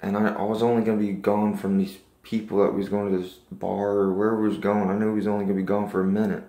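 A man with a fairly low voice recounts a dream in an earnest, rambling way, circling back with likes and restarts. The sound is roomy, with echo off the walls. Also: flat delivery, fast, warm tone. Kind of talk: casual personal storytelling.

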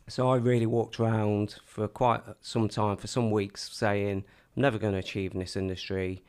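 A man's voice: lowish voice, moderate pace, few pauses, clean tone. A man telling his own story casually, acting out the things people said to him. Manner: animated storyteller acting out quoted dialogue.

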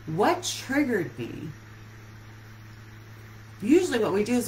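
A woman's voice: on the high side, big pitch swings, takes it slowly, pauses often, darkish tone, rough recording. A woman relationship coach giving an earnest live-streamed talk that puts many questions straight to her listeners.

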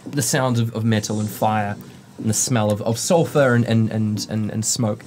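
A man's voice: on the low side, steady tone, moderate pace, a little mellow, slight background noise. A man narrating as game master, rambling with frequent restarts.

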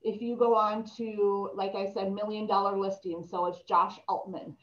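A woman's voice: mid-range voice, little pitch movement, moderate pace. Chatty woman in an echoey room. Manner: chatty, storytelling, many ums. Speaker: real estate trainer. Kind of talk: casual talk to a group. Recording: echoey room, dull lo-fi sound.

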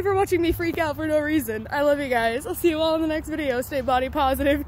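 A young woman vlogging from a clinic, excitable and giggly, talking casually to her viewers. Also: high voice, fast, few pauses, slight background noise. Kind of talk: casual vlog chat.

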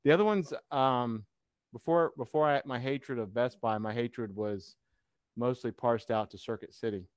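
A man's voice: mid-range voice, moderate pace, clear, resonant tone, no room sound, studio quality. Rambling sarcastic man hosting a chat. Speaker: host. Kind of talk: casual live chat.

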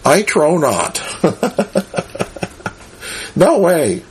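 A man's voice: fairly high pitch, very animated, very slow, slight background noise. A man giving a conversational Bible lesson, chuckling often and asking his listeners rhetorical questions. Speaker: Bible teacher.

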